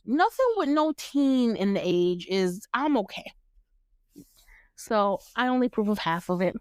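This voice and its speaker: A woman's voice: medium pitch, lively intonation, measured pace, a little mellow, clear, resonant tone, no room sound, clean studio sound. A woman from the United States, hosting a casual podcast, recapping a TV show, laughing often and acting out the characters' lines. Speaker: podcast host.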